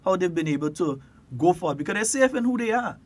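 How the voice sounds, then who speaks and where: A man with a Grenadian accent hosting a radio talk show in casual chat, lively and quick to laugh. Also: high-pitched. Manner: lively, laughs often, stretches words for emphasis.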